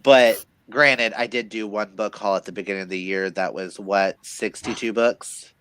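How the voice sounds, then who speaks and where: A man co-hosting a reading livestream, chatting casually and telling animated stories while laughing often. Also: on the low side, normal speed, clear, resonant tone, no echo. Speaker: livestream co-host.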